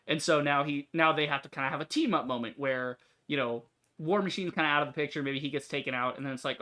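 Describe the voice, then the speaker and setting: A young man chats over his gameplay in a bright, forward voice, wandering from topic to topic. He pads his talk with fillers and restarts, the relaxed, meandering manner of a gaming YouTuber. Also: fairly high pitch, fast. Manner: rambling, talkative, many fillers and restarts. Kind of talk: casual gameplay commentary.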